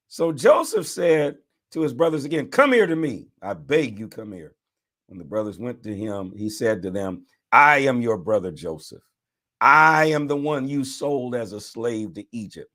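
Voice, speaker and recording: A man's voice: medium pitch, normal speed. A man, a bishop, reading scripture aloud and breaking off into preacher-style commentary. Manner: animated reading with preacher asides.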